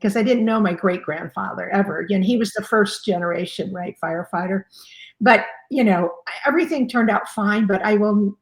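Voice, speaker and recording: Speaking at a moderate pace with a medium-pitched voice, a fire chief in her sixties shares stories as a guest, rambling conversationally and using many fillers. The room adds a noticeable echo.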